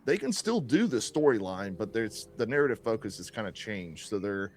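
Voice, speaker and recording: Man, lowish voice, loose and joking, swears, frequent restarts, casual podcast chat. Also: sing-song, moderate pace, a little hiss or hum. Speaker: podcast co-host.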